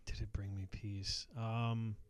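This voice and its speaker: A man's voice: lowish voice, level tone, takes it slowly, dry recording. A man in his thirties co-hosting a podcast, loose and self-mocking, often laughing. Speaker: podcast co-host. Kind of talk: casual podcast chat.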